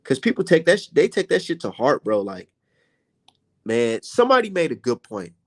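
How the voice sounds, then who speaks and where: A man's voice: medium pitch, sing-song, moderate pace. A young man hosting a heated, profane rant about boxing and reading viewer comments aloud. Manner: profane, blunt, exasperated. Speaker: boxing commentator and channel host.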